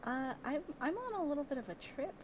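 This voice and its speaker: A woman's voice: high-pitched, sing-song, brisk, slight background noise. A woman voicing a sheltered young woman who answers hesitantly and a little cheekily. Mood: evasive.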